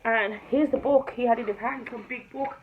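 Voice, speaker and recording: A woman's voice: fairly high pitch, moderate pace, a little hiss or hum. Woman telling a spiritual testimony, emphatic. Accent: Jamaican-tinged. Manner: emphatic storytelling, often swinging between hushed and loud. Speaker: tarot reader and spiritual mentor. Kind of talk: personal testimony told to camera. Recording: slightly dull recording with faint room ambience.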